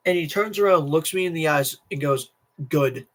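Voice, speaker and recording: Teenage male streamer, tired, rambling rant, frequent restarts, fairly high voice. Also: fairly quick, a bit bright. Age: teens. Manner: restless, repeats himself, many restarts. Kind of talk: casual political rant to camera.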